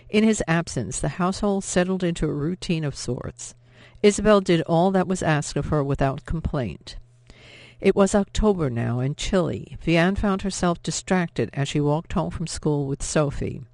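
Audiobook narrator, measured, expressive, dry close mic. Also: mid-range voice, dry recording. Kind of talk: scripted novel narration.

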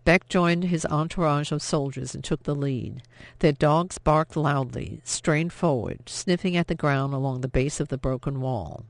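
A man narrates an audiobook in a steady, measured way. His somewhat high voice has a gravelly texture. The recording is dry and close to the mic. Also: no echo. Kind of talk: scripted narration.

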